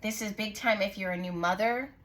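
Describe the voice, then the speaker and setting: A woman hosting her own channel, giving a casual tarot reading to camera in a soft, musing way, often pausing to say what she senses. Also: mid-range voice. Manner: musing, intuitive, lots of "like" and "I just heard". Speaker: tarot reader and channel host.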